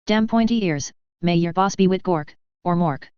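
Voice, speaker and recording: Woman reading as a gruff orc cook. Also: on the low side, moderate pace, darkish tone, dry recording, lo-fi sound, lightly acted. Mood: scornful. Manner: blunt, rough orc slang. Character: gruff male orc chef, big, short-tempered.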